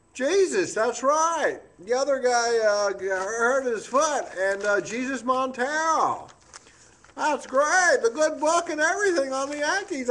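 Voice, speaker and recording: A man's voice: very high voice, fairly bright tone. A man playing a scatterbrained, boastful old newspaperman in a comic monologue, rambling off topic and stumbling over his words. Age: older. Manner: rambling, digressive, loses his place and stammers. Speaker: comedian doing a tribute impression.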